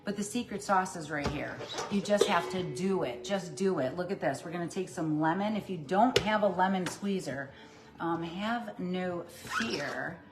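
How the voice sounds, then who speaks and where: A woman hosting a casual cooking livestream from her kitchen, talking while she chops and cooks. Her voice sits a little low, and she stays upbeat and chatty, calling her viewers "you guys" as she coaches them on plant-based eating. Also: unhurried, over music. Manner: talks while chopping and cooking.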